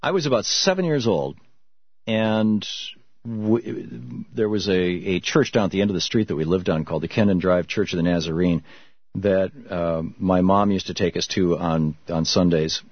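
Husky low-voiced radio host guy, dry muffled broadcast sound. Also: no echo. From Michigan, US. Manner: reflective storytelling, halting with restarts. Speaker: radio talk show host. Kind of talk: call-in radio talk.

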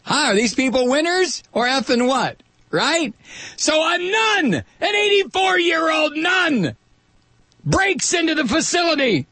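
This middle-aged radio host, husky and on the high side, reads a news story on air while laughing and tossing in sardonic, mocking asides. He's close to a studio mic, and the recording is dry.

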